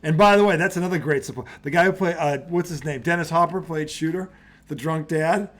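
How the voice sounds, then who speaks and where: Man, slightly high voice, casual podcast chat, swears a lot, acts out movie scenes. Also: steady tone, a little fast, a bit bright. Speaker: podcast co-host.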